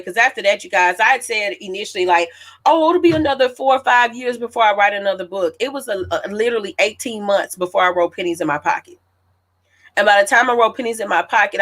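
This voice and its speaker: A woman in her late thirties, an author, telling a story casually and animatedly to her audience. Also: mid-range voice. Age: late 30s. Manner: animated, chatty, addresses listeners as y'all. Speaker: author hosting her own celebration.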